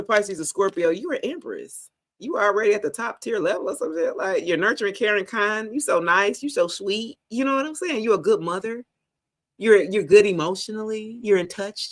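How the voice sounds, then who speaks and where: Laughing, profane woman reading tarot. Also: medium pitch. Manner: casual, profane, laughing often, talks to viewers as y'all. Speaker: tarot reader.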